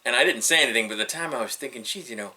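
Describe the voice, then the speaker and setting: A man's voice: medium pitch, rapid-fire, bright, forceful tone. A middle-aged man giving casual, rambling solo commentary on entertainment news, wry and skeptical, with frequent ums and uhs.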